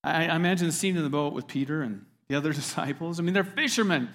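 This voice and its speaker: A man's voice: fairly high pitch, animated, quick pace, hardly any pauses, fairly bright tone. A man preaching a sermon as a pastor, earnest, repeating words as he stresses his points. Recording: long hall reverb.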